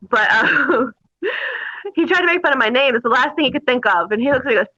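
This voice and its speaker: Bright, lively woman telling stories. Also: high voice, quick pace. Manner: animated, laughing, mimics people in her stories. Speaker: guest. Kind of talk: casual storytelling. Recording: dull lo-fi audio.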